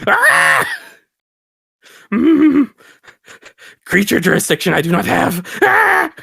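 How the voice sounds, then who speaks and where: A man's voice: fairly high pitch, wildly swooping pitch, normal speed, gravelly, a bit bright, breathy edge, no echo, clean studio sound, full character voice. A man voicing a tiny old green Christmas elf, who grumbles and talks in backward word order in a tabletop game. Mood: startled. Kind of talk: tabletop role-play character voice.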